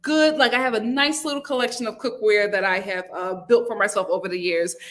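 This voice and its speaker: A young adult woman hosting a live reality TV review from home, chatting animatedly and reading viewer comments aloud. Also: fairly quick. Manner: chatty and animated, jumps to high-pitched exclamations and acted quotes. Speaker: host. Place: home room, lit by a window.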